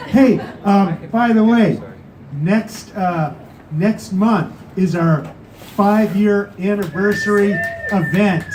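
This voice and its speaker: A man's voice: high voice, slow pace. A man hosting a live show, loose and chatty, often filling with "uh.". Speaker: show host. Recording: echoey room with background noise.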